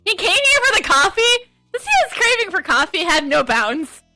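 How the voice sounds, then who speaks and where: A woman voicing an excitable young woman in a shrill, high voice while reading a game aloud. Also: moderate pace, soft background music, heavily acted. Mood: startled.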